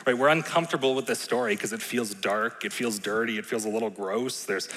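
Guy giving a chatty sermon, keeps asking "right?", big echoey church hall, mid-pitched voice. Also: fairly bright tone. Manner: conversational and playful, often adding "right?". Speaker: preacher. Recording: long reverb in a large hall.

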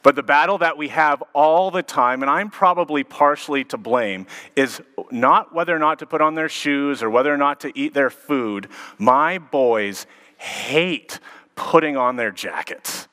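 A man's voice: on the high side, measured pace, pushed and bright. A man in his thirties, a pastor giving a sermon, telling stories and acting out quotes. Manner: storytelling with acted-out quotes. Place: church sanctuary. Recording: long reverb of a large hall.

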